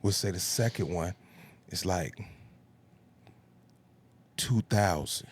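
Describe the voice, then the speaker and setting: A man, telling comic stories on a podcast with laughs and big pitch jumps. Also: slow pace, slightly rough. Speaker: comedian guest. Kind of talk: podcast storytelling.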